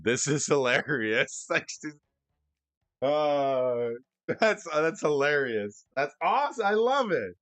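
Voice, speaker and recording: A man streaming casually, excitable and often stammering through restarts as he talks about cards and gifts. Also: on the high side, slow pace, no room sound. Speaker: streamer discussing card prices. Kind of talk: casual live-stream chat.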